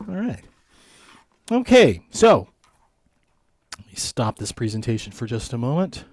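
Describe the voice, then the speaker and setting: Man, guitar instructor, slow steady counting, friendly coaching, dry close sound. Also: mid-range voice, dry recording. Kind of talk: live online guitar lesson.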